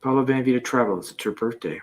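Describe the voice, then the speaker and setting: A Canadian man with a mid-pitched voice hosts a loose live-stream chat from his campervan. He reads viewer comments aloud and laughs easily. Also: fast, slight background noise. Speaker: livestream host. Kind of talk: casual live-chat banter.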